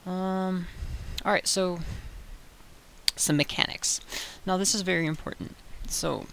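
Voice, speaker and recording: Young woman, casual voice coach, bright and gravelly, chatty with self-corrections, slight hiss. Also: lowish voice, fairly even intonation, measured pace. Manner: chatty, loose, many fillers and self-corrections. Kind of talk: casual tutorial talk to camera. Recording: faint hiss.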